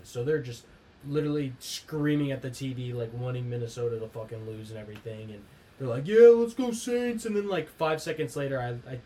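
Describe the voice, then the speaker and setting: A young man co-hosting a casual sports podcast, blunt and profane, turning animated when he tells a story. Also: mid-range voice, a little hiss or hum. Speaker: podcast co-host.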